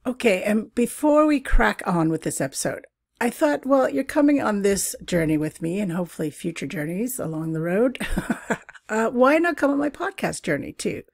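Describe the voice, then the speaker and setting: A woman's voice: medium pitch, very animated, normal speed, gravelly, no echo, studio quality. A woman from Canada hosting her own travel podcast, talking in a chatty, casual way with frequent laughs and asides. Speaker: podcast host. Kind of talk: casual solo podcast chat.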